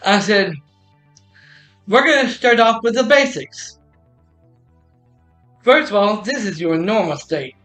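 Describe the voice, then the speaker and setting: A man hosting a podcast live stream, telling a long story in a rambling, excitable way with many restarts. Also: high voice, slow, pauses often. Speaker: podcast host. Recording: roomy echo with faint music.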